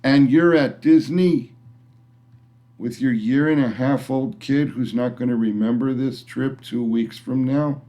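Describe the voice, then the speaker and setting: Slow, grumpy, blunt middle-aged man. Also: medium pitch, dark tone. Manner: grumpy, blunt, rambling with restarts. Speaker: vlogger. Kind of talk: casual rant to camera.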